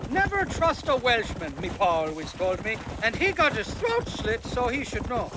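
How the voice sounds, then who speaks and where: Shifty irish drunk, high bouncy voice, rambles on, noisy outdoor game audio. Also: male voice, wildly swooping pitch, moderate pace, heavily acted. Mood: rambling. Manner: rambling, wheedling, bawdy. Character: boozy Irish rogue, shifty, rambling and boastful.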